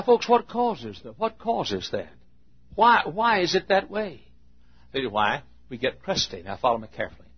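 A man preaching a sermon, telling folksy stories and swinging between hushed asides and emphatic points. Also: high voice, breathy edge. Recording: muffled lo-fi recording.

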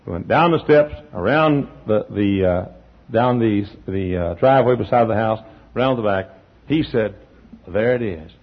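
A male pastor preaching a sermon in a church, telling stories, acting out the people in them and often clearing his throat. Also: lowish voice, moderate pace. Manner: storytelling, acting out quotes, frequent throat clearing. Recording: dull lo-fi sermon recording.

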